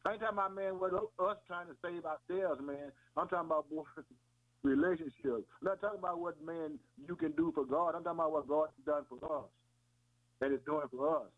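A folksy preacher with a somewhat high voice talks a little fast in an informal sermon heard over tinny, phone-like radio. He sprinkles in "man" and "boy" and tends to repeat himself.

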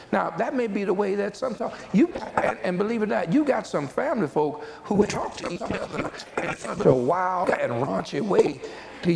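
A man's voice: sits high, lively intonation, a little fast, vocal fry, a crowd in the background, poor audio. A man preaching a sermon as a pastor, talking conversationally with repeated words and folksy asides to the congregation.

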